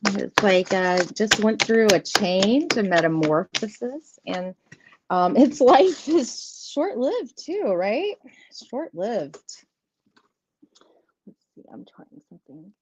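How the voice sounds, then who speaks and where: A woman's voice: mid-range voice, expressive, slow, slight background noise. A woman, hosting a casual live tarot stream, chatty and giggly, rambling and greeting viewers by name. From southeastern United States. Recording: dull lo-fi stream audio, dry.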